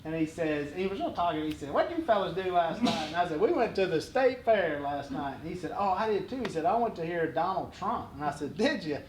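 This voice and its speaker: High-voiced man telling funny stories. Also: fast, hardly any pauses, roomy sound, slight background noise. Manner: animated, laughing, acts out others' lines. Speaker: guest speaker. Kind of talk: comic storytelling on stage.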